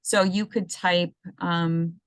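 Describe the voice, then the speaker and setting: A woman gives an educational webinar over a computer mic on a video call, speaking in a slow, lowish voice. She explains things casually, with plenty of ums and restarts. The sound is dry and close, with no room around it. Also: steady tone, no room sound. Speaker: assistive technology coordinator presenting a seminar.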